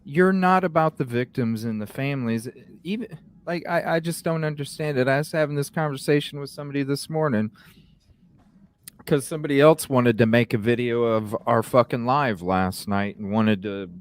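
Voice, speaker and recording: A man's voice: medium pitch, animated, normal speed. A man hosting a live podcast, ranting heatedly and cursing constantly, often asking "you know what I'm saying?". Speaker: podcast host. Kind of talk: heated live-stream rant.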